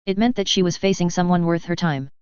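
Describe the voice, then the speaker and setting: A woman narrating a science-fiction story in an even, steady reading voice. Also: fairly low pitch, fast, clean tone, dry recording. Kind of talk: audiobook reading of a sci-fi story. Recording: dull, muffled recording.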